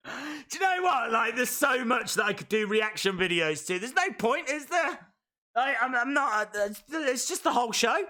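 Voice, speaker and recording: Brief: man live-streaming reactions, energetic shouts, bright and forceful tone. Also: very high voice, normal speed. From England. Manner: excitable, bursts into shouting. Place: outdoors in a field.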